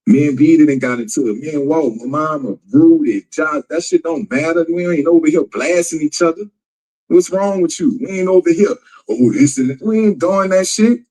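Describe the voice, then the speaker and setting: A man's voice: fairly high pitch, expressive, moderate pace, a little mellow, poor audio. A man in a played clip ranting heatedly and profanely, repeating himself. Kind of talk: casual rant in a clip.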